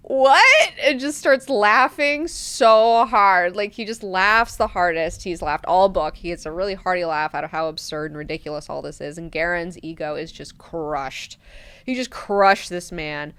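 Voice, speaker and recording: A woman hosting a book club, recapping chapters in a casual, animated, profane way. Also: low voice, moderate pace, clear, resonant tone, no room sound.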